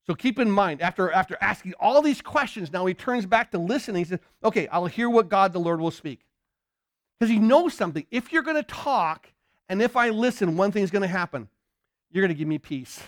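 High-voiced emphatic preacher man. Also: lively intonation, fairly quick, a bit bright, no echo, clean studio sound. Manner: emphatic call-and-response questioning, repeats himself. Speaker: pastor. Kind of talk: sermon.

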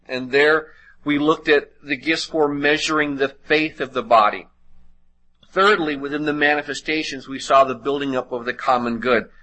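A man's voice: mid-range voice, pushed and bright, low-quality recording. Man preaching a teaching sermon. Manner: methodical teaching, reads scripture aloud.

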